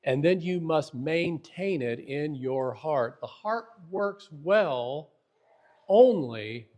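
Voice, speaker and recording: A man's voice: fairly high pitch, expressive, slow pace, a little mellow. A man giving a recorded Bible lesson, earnest and emphatic, sometimes restarting his words as he explains. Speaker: Bible teacher.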